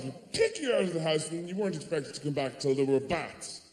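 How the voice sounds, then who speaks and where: A man's voice: medium pitch, expressive, moderate pace, few pauses, a little mellow, a little hiss or hum. A man doing a stand-up comedy routine on stage, rambling and digressive with lots of hesitant fillers. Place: theatre stage before a live audience. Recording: roomy hall reverb, faint audience ambience.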